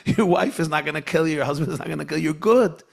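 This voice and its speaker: Man voicing an inner divine soul, reassuring, gentle, gravelly, slightly raised. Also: on the high side, rapid-fire, pitched above the performer's own voice.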